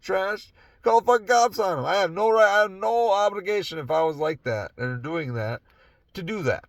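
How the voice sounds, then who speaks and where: A man's voice: sits high, expressive, moderate pace, creaky, no room sound. A young man from Wisconsin rambling casually and profanely about his life while sitting in his parked truck, laughing between thoughts. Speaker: podcast host. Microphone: phone or camera in the truck.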